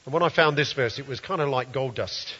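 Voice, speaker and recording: A man's voice: medium pitch, a little fast, sharp tone, breathy edge. A man preaching a sermon, reading scripture aloud and commenting earnestly. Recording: dull, roomy hall sound.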